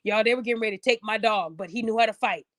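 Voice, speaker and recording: A middle-aged woman chatting casually to her viewers, telling stories in a lively, talkative way. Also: a little high, very fast, no room sound, clean studio sound. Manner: chatty, storytelling, addresses audience as y'all. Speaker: podcast host.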